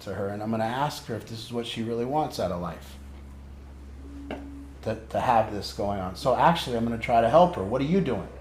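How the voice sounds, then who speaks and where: Man, addiction counselor, frank group talk, mid-pitched, echoey room. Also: expressive, quick pace, a little mellow, a little hiss or hum. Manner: frank, conversational, asks pointed questions.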